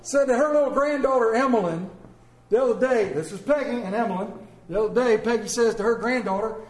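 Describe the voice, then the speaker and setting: A man preaching a sermon as pastor, animated and humorous, swinging between loud declarations and hushed quiet moments. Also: very high-pitched, brisk, roomy sound. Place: church.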